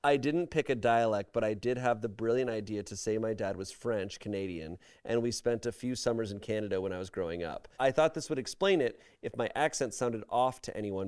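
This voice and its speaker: Smooth-voiced man reading posts aloud. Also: lowish voice, darkish tone. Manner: wry, amused commentary between read passages. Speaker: podcast host reading online stories aloud. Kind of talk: casual comedic podcast chat and reading aloud.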